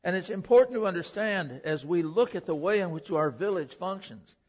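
A man delivers a church sermon, leaning on rhetorical questions and shifting emphasis. His voice sits a little high for a man. The recording sounds dull and lo-fi. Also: lively intonation, a little fast, husky. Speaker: preacher.

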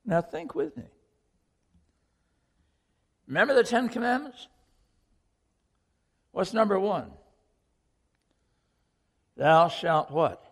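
A pastor preaches slowly and deliberately, his gravelly voice rising and falling with lively swings. He is earnest and questioning and repeats key lines for emphasis. His words carry a long reverb from the church hall. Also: high voice. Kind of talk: sermon.

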